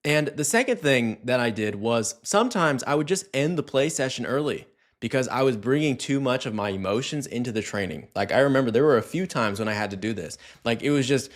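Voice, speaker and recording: A young man teaches dog owners how to play with their dogs, his voice sitting at an ordinary middle pitch. He talks casually, with loose fillers, and repeats his key points for emphasis. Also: animated, fairly quick. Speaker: dog trainer. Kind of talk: instructional talk to camera.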